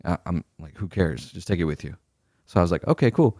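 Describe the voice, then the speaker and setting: Young male podcast co-host, very deep voice, rapid delivery, animated storyteller who curses freely. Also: no echo, clean studio sound. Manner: animated storyteller, swears freely, acts out quoted superiors. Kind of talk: casual chat, storytelling.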